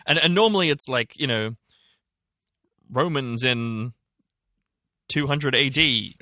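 A man's voice: mid-range voice, slow pace, sharp tone, no echo, studio quality. A man co-hosting a podcast, chatting casually with lots of fillers, restarts and swearing. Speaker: podcast co-host. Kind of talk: casual political chat.

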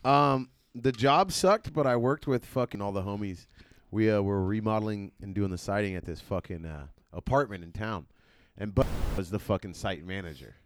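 A man's voice: lowish voice, normal speed. A man co-hosting a podcast, talking in a laid-back, joking way with plenty of swearing. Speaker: podcast co-host. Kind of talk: casual banter.

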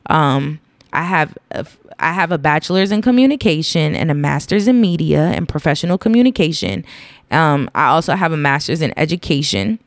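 A woman's voice: low-pitched, animated, a little fast, no echo. A woman in her thirties hosting her own podcast from home, rambling earnestly and getting emotional to the point of tears. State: tearful. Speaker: podcast host. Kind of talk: casual solo podcast monologue.

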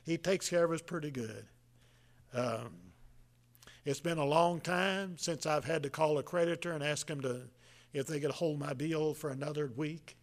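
An older preacher in his seventies delivers a homespun sermon, his voice sitting a little high for a man. He talks in a folksy, halting way, with plenty of fillers and restarts as he works his way through each point. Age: 70s. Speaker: pastor.

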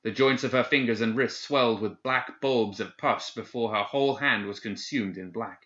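A man reads a dark fantasy story in a measured, dramatic way, his low voice carrying a bright, forceful edge. The recording is muffled and lo-fi. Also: echoey room. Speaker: narrator. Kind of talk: scripted dark fantasy narration. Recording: dull lo-fi recording.

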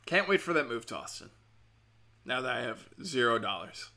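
A man's voice: mid-range voice, sing-song, normal speed, sharp tone. A man hosting a podcast, talking in a rambling, profane, sardonic comic monologue. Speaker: podcast host.

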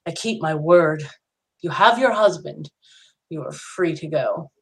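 A sadistic storybook lord with a cold, commanding edge and a slightly low-set voice, as a woman narrator puts him on. He speaks slowly and deliberately, savoring each taunting phrase. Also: animated, creaky, exaggerated voice. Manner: slow, drawn-out taunting delivery. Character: sadistic cold male candy lord villain. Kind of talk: erotic audio story reading.

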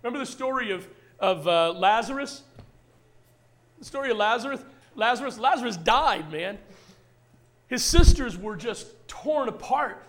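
High-voiced man preaching a sermon. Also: lively intonation, normal speed. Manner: conversational preaching with frequent "man" and repeated phrases; swings between soft hushed passages and rising emphatic ones. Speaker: pastor.

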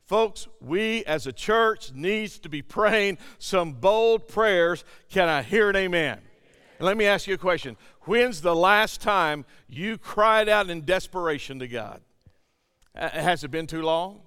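A man's voice: high-pitched, animated, a little slow, a bit bright, smooth, big-room sound. A male pastor preaching a sermon, emphatic and calling out to his congregation.

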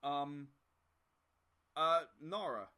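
A man narrating as game master in a tabletop game. His voice sits somewhat high and swings widely in pitch. He hesitates often with fillers, then bursts into animated description. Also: drawn-out words, smooth. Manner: hesitant, filler-heavy, with sudden animated outbursts.

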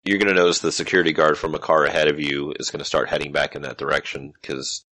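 Super deep voiced guy as game master, laid back, explaining stuff. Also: fast talker, no room sound. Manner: relaxed, explanatory narration. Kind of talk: narrating a tabletop game.

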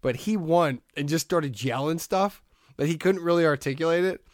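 A man hosting a podcast in casual chat, telling stories in a rambling, animated way and laughing often. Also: a little high, normal speed, no echo, clean studio sound. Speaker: podcast host.

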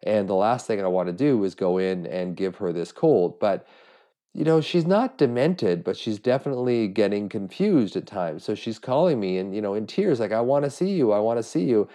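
Earnest low-voiced middle-aged man. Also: animated, moderate pace, dark tone. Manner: earnest, self-searching, frequent restarts. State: has a cold. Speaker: podcast host. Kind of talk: reflective solo podcast monologue.

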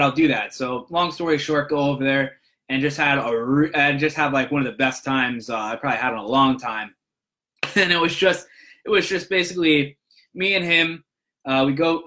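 Bright-voiced man telling a rambling story. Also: medium pitch. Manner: rambling, many restarts and "I'm like". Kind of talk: casual storytelling to viewers.

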